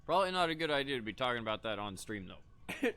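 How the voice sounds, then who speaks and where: A man's voice: mid-range voice, very animated, fast talker, sharp tone, clean tone. Laid-back rambling male streamer. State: coughing between lines. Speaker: gaming streamer. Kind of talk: casual livestream commentary.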